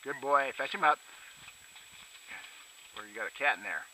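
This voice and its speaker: A man's voice: lively intonation, moderate pace, a little hiss or hum, poor audio. Man calling his hunting dogs outdoors. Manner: shouts dog commands, then talks low and quietly to the camera. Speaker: hunter filming his dogs. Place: outdoors in snowy rural fields.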